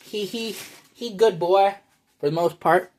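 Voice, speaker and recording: A man's voice: high-pitched, measured pace, a little mellow. A man delivering a rambling, profane monologue to his viewers, playing up a brash, exaggerated online persona. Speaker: online video creator.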